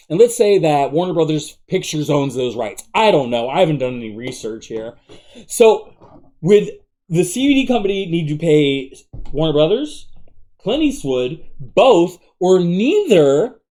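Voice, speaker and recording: A man's voice: fairly high pitch, sing-song, normal speed, warm tone. Joking, rambling male podcast co-host. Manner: joking, rambling, puts on impressions. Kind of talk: casual profane banter.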